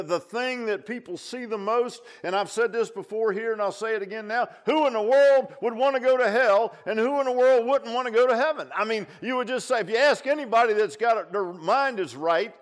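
Male pastor with a high voice, delivering an impassioned sermon. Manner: impassioned, repetitive, rising to near shouts.

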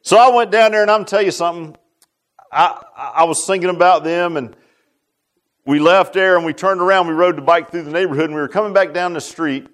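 Older guy preaching, folksy and rambly, keeps saying man, swings loud and soft. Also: a little high. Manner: folksy, repetitive, lots of "man" and "I said". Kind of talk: storytelling sermon.

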